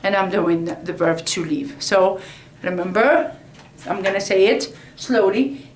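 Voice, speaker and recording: A woman teaching a language lesson, explaining slowly and repeating each word several times. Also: mid-range voice, recorded from a distance, a little hiss or hum. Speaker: Arabic teacher. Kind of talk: slow classroom explanation at a board. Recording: echoey room, voice from off-mic.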